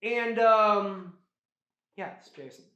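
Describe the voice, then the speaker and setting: A high-voiced man hosts a casual chat, rambling through a story recap with animated energy and frequent swearing. The room gives his voice a roomy echo. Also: extremely slow, dull audio. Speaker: host.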